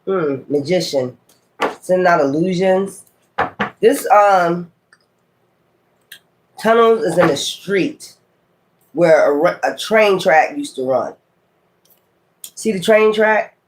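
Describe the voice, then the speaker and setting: A man's voice: high voice, expressive, takes it slowly, pauses often, noisy background. A man, giving a casual tarot reading, musing aloud with sudden exclamatory asides. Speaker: tarot reader.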